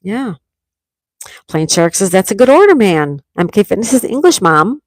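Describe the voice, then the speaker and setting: A woman's voice: medium pitch, sing-song, normal speed, no room sound, studio quality. A woman in her sixties from New York State, hosting a casual livestream and chatting as she reads viewers' comments aloud. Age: 60s. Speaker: livestream host. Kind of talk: casual live chat reading comments.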